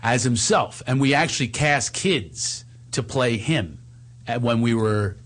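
A man hosting a casual chat, telling animated stories and laughing often. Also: medium pitch, measured pace. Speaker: host.

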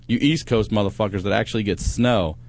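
A man's voice: on the low side, brisk. A man telling a childhood story in casual chat, swearing freely and breaking into laughter. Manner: profane, animated storytelling with bursts of laughter.

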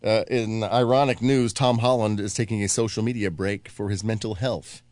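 A man in his forties with a fairly low voice hosts a casual talk show, rattling off deadpan one-liners between bits of banter. The sound is dry and close, with no room around it. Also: normal speed, no room sound. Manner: wisecracking, deadpan joke delivery. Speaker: radio show host. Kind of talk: casual morning-show banter with joke segments.

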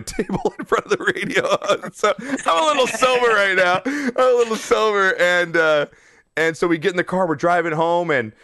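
A young man in his twenties hosting a podcast, telling a story in an animated, profane, laughing way. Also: medium pitch, no room sound, studio quality. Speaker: podcast host. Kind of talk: casual storytelling.

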